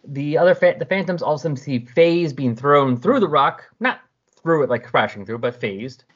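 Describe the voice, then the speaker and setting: A man casually recapping a comic story with jokey, animated storytelling. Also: fairly high pitch, normal speed. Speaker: podcast host. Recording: dull lo-fi recording.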